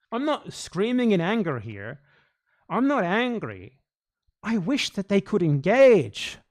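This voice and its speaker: A man hosting reaction commentary, exasperated and argumentative, swearing often as he rebuts. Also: high-pitched. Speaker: commentary channel host.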